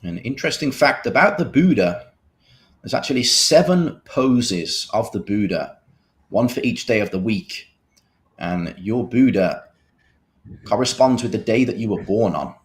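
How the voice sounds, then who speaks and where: Brummie poker commentator in his thirties, lowish voice, joking and boastful. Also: expressive, unhurried. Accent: Birmingham English. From England. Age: 30s. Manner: jokey, self-mocking, playful boasts. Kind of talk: live commentary banter.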